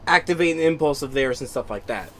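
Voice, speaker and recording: A young man running a tabletop game, explaining rules over a voice call in excited, rambling bursts full of "like" and "so basically". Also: medium pitch, quick pace, crowd noise. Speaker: game master. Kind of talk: explaining rules in a casual voice chat.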